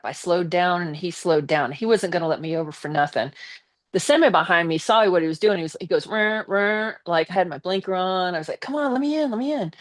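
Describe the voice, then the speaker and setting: With a lowish voice, a woman guesting on a live stream shares a personal story. Her telling is animated and casual, laced with blunt swearing.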